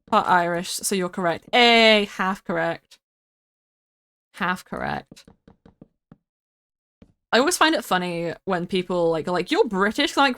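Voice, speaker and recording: A woman's voice: fairly low pitch, a bit bright. A young woman from the United Kingdom, a streamer chatting casually and rambling while she builds in a game, often giggling and swearing.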